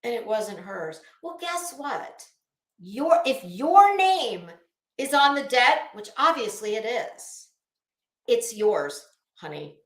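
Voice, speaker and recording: A woman's voice: on the high side, very animated, slow, roomy sound. A woman hosting a live commentary stream, talking in a sassy, blunt, profane way and calling people honey.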